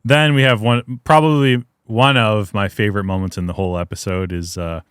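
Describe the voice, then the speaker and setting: A man's voice: fairly low pitch, steady tone, fairly quick, fairly bright tone, clean tone, no room sound, clean studio sound. A man casually recapping an episode as a podcast host, rambling with lots of fillers and laughs. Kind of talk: casual chat.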